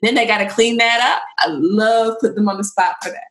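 A woman giving parenting and relationship advice in a casual chat, animated and acting out bits of dialogue. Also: on the high side, a little fast, echoey room, low-quality recording. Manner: animated, acts out quoted dialogue.

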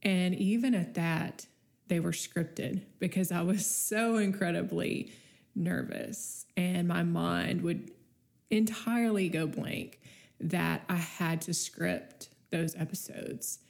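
A woman hosts her solo podcast, chatting unscripted and encouraging listeners while her nose is stuffy from a cold. Her voice sits a little low, with a gravelly fry. She talks at a slow, unhurried pace. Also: fairly even intonation, darkish tone. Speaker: podcast host. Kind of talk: casual solo podcast monologue.

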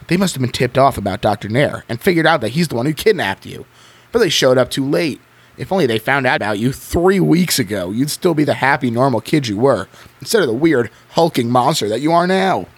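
A man hosting a podcast, reading a choose-your-own-adventure book aloud in an expressive way and breaking off to chat. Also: mid-range voice, husky. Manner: expressive reading with frequent laughs. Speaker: podcast host.

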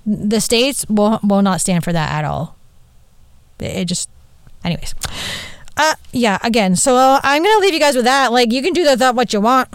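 A woman's voice: a little high, lively intonation, moderate pace, clear, resonant tone, no echo. A woman hosting a podcast, rambling in casual monologue and swearing freely, recorded in a small closet. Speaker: podcast host.

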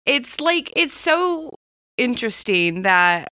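A woman's voice: a little high, very animated, takes it slowly, pushed and bright, no echo, clean studio sound. A woman co-hosting a podcast, chatting casually about an anime, laughing and swearing freely. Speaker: podcast co-host. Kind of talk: casual chat reviewing an anime.

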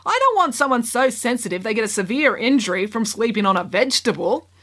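A woman's voice: on the high side, sing-song, fast talker, fairly bright tone, voice pushed up. A petulant young prince, put on by a woman. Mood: indignant. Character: whiny entitled young prince.

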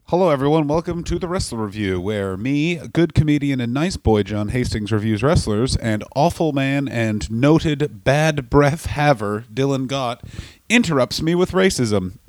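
A Canadian man trading sarcastic jokes on a comedy podcast, voice at a middling pitch. The sound is close and dry, with no room around it. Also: expressive, moderate pace, darkish tone, dry recording. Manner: joking, sarcastic, slips into silly voices. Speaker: podcast co-host.

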